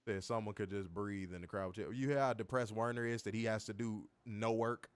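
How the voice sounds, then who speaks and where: A man co-hosting a casual wrestling review, profane and animated, reading viewer comments aloud. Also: on the low side, normal speed, clean tone, dry recording, studio quality. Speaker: podcast co-host.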